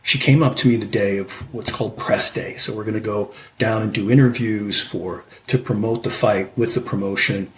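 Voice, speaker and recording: A man's voice: lowish voice, steady tone, normal speed, hardly any pauses, a little hiss or hum, poor audio. Passionate fifty-something man telling stories. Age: 50s. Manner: passionate, emphatic, repeats "right?". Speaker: podcast guest, amateur fighter. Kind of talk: conversational storytelling.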